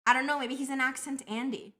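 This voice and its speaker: A young woman streamer with a Colombian accent talks loosely to her chat in a rambling, self-deprecating way. Her voice sits a little high and sounds bright and forward. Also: fairly even intonation, fast. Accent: Colombian, long in Canada. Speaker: livestreamer.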